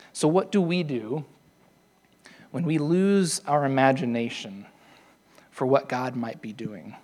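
Chatty preacher with a lively voice. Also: mid-range voice. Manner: chatty, storytelling, self-deprecating asides. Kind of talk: sermon.

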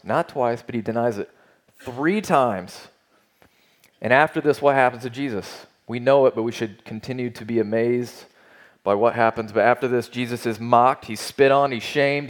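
A man preaching a sermon, earnest and emphatic, asking rhetorical questions and repeating phrases for weight. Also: mid-range voice. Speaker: pastor.

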